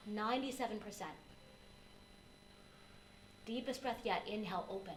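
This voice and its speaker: Gentle woman guiding a yoga class. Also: a little high, echoey room, a little hiss or hum, poor audio. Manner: gentle, unhurried cueing of breath and posture. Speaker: yoga teacher. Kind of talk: guided yoga class instruction.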